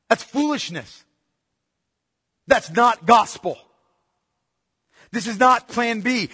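A male pastor preaching a sermon, emphatic and repetitive, swinging from soft to loud. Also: extremely high pitch, big pitch swings, slow, pauses often, breathy edge. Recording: long hall reverb.

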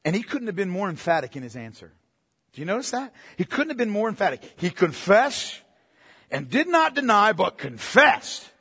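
A middle-aged man preaching a sermon in an animated, conversational way, asking listeners direct questions. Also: high voice, normal speed, husky, in a large hall. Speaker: pastor.

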